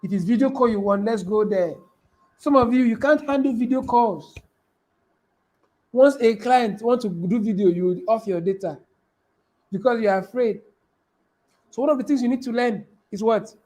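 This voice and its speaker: A man coaching his viewers on business in a high-pitched voice. He hammers points home by repeating phrases and throwing questions at the audience. His delivery is emphatic and conversational. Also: moderate pace, pauses often, a little mellow, low-quality recording. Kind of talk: live-streamed motivational talk.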